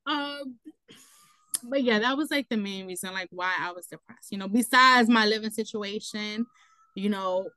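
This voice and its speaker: A young woman, a guest telling her own story in casual talk, animated and quick to laugh, leaning on "you know" between thoughts. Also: medium pitch, no room sound, rough recording. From New York City.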